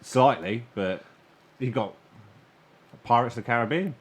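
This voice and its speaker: A man co-hosting a casual live-stream chat, blurting joking ideas and laughing loudly at them. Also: mid-range voice, a little slow, slightly rough. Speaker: podcast co-host.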